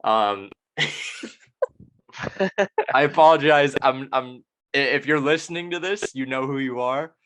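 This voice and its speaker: A man's voice: medium pitch, a little slow, pauses often, a bit bright, clear, resonant tone. A young man hosting a podcast, rambling and self-deprecating in casual chat. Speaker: podcast host.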